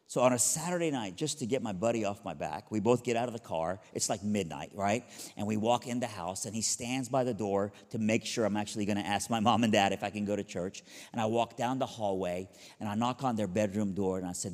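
A middle-aged man from Iran preaching, telling a story with lively, acted-out dialogue. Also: fairly low pitch, fast. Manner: animated storyteller acting out dialogue with big vocal jumps. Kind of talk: storytelling sermon. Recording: long hall reverb.

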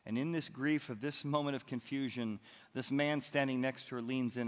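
A man preaching a sermon as pastor, telling the story dramatically with big swings in loudness. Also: medium pitch, fairly even intonation, normal speed, big-room sound. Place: church hall.

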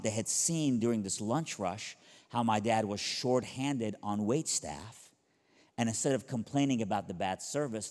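Animated man preaching in an echoing hall. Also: on the low side. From Iran. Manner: animated storyteller acting out dialogue with big vocal jumps. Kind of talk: storytelling sermon. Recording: long hall reverb.

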